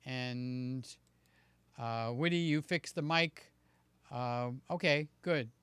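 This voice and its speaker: A man hosting a live stream, chatting casually and warmly greeting his viewers by name. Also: mid-range voice, takes it slowly, clear, resonant tone, dry recording. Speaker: livestream host.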